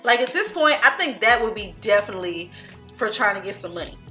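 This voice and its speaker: Young woman, blunt and opinionated, bright tone, echoey room. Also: mid-range voice, lively intonation, quick pace, soft background music. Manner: blunt, opinionated, leads the topics. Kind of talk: casual chat.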